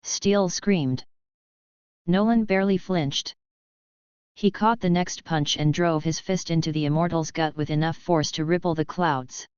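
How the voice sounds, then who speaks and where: A woman reads a fanfiction audiobook at an unhurried pace in a low-set, very crisp voice. The sound is dry and a little dull and lo-fi, with no room around it. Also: a little mellow, no echo. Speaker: audiobook narrator. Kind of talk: first-person fanfiction audiobook narration.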